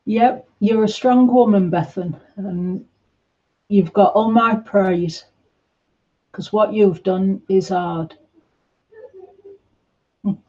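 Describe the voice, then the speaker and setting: A woman chatting gently on a livestream, answering viewers' comments in a reassuring way. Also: mid-range voice, takes it slowly, long pauses, dull audio. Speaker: livestream host. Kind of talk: casual livestream chat reading comments.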